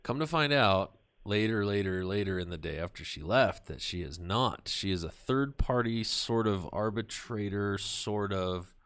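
Dude on a podcast telling a story, swears a lot, does the voices, lowish voice. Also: male voice, a little slow, few pauses, smooth. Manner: profane, animated storyteller who acts out voices. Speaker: podcast talker. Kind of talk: casual podcast chat.

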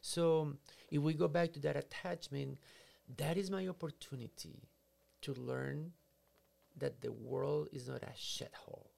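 A psychotherapist explaining ideas in conversation, acting out scenarios in quoted voices. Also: male voice, on the high side, steady tone, a little slow, gravelly, a little mellow. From Latin America.

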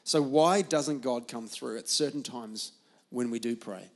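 A man's voice: medium pitch, measured pace. A man hosting a church panel Q&A, chatty and enthusiastic, laughing often. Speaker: church host.

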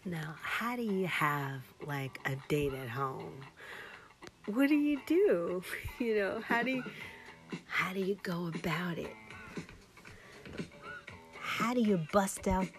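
A woman's voice: on the low side, lively intonation, takes it slowly, long pauses, music in the background. A woman hosting her own show, telling a rambling personal story and dropping into a whisper for her thoughts. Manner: chatty, often drops into a whisper for inner thoughts. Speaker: podcast host. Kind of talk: casual storytelling.

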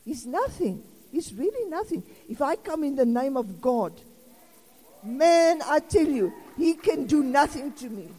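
A woman's voice: high voice, sing-song, a little slow, mellow. A South African woman in her sixties preaching an informal sermon in a chatty, rambling way with laughing asides. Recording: long reverb of a hall.

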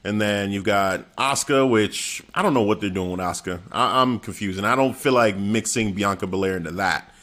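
A man's voice: lowish voice, brisk, few pauses, fairly bright tone. A man hosting a casual chat, rambling and correcting himself as he asks questions.

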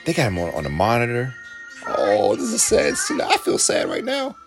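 A man giving an excited, emotional reaction commentary while watching a film. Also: mid-range voice, moderate pace, music in the background. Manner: emotional, exclaiming, laughing often. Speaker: reaction video host.

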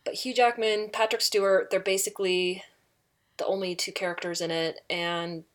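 A middle-aged woman telling a personal story in a chatty, animated way, laughing often. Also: medium pitch, normal speed. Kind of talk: casual storytelling.

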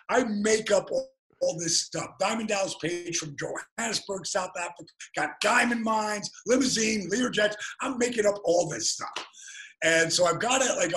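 High, bright-voiced storytelling man. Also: slight background noise, low-quality recording. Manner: animated, fast-moving storyteller with restarts. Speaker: guest. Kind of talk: interview storytelling.

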